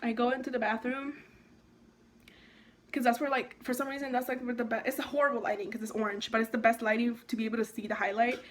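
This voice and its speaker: A young woman vlogging at home, chatting excitedly and rambling through a makeup tutorial with lots of likes and ums. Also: a little high, fast talker, a little hiss or hum.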